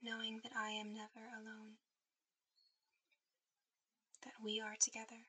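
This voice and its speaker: Woman, whispered role-play sleep guide; bright, airy whisper held on one flat, level tone. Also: a little high, unhurried, husky, rough recording. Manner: soft intimate whisper, guiding to sleep. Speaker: ASMR performer.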